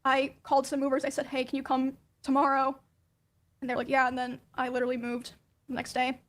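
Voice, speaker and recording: High, flat-voiced woman recounting hardships. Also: brisk. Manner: soft, hesitant, many ums and likes. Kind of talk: recounting personal experiences in a played clip.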